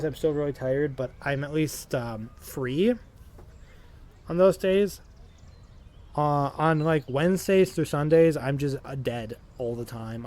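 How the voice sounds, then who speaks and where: A young man, chatting in a loose, rambling way as a tired streamer. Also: a little high. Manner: rambling, full of fillers and restarts, tired. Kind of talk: casual rambling chat.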